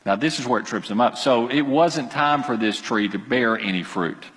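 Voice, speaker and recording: A man preaching a sermon as pastor, animated and emphatic, with quick asides to his congregation. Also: mid-range voice, in a large hall, low-quality recording.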